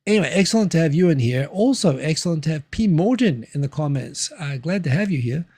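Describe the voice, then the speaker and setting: Man, New Zealand accent, livestream host, mellow husky voice, rambling with fillers. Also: on the high side, lively intonation, fast. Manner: rambling, many fillers and restarts. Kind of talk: casual livestream commentary reading chat.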